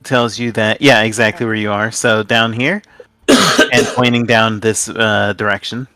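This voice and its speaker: A man running a tabletop game as game master, talking haltingly with many fillers. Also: lowish voice, pushed and bright, no echo.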